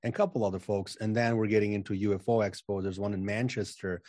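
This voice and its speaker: A man's voice: on the low side, level tone, fast, darkish tone, dry recording, studio quality. A man talking as a guest in a casual interview, self-assured and emphatic, often repeating words as he starts a sentence. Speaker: podcast guest, channeling coach.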